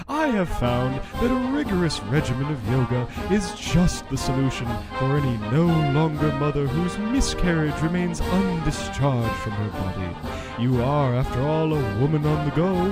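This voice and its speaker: A man's voice: on the high side, lively intonation, normal speed, over loud music, natural voice. A man voicing a pompous ad announcer with a florid, mock-grand delivery for a comedy fake sponsor read. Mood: mock grandiose. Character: pompous male ad announcer for a baby coffin seller.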